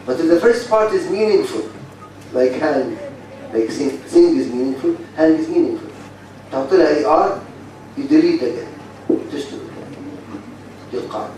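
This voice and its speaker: A man's voice: a little high, mellow. A man with an Egyptian Arabic accent giving a university phonetics lecture, repeating points and drilling the class in a blunt manner. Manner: repetitive, drilling students, blunt. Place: large lecture hall. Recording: very echoey hall, distant mic, faint hiss.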